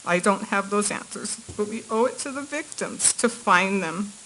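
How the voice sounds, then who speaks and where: A middle-aged woman speaks in a courtroom, reading a prepared statement. Her voice sits at an ordinary pitch, earnest and measured, with grief held back. A faint hiss runs under her words. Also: lively intonation, bright, forceful tone, low-quality recording. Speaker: victim's aunt giving a statement.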